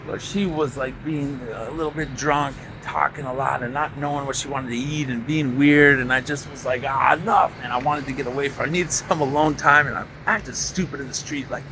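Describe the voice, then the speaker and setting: A man's voice: mid-range voice, fairly even intonation, brisk, few pauses, noisy background. Profane, rambling man vlogging outdoors. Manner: candid, profane, storytelling with reenacted quotes. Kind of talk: rambling personal vlog monologue.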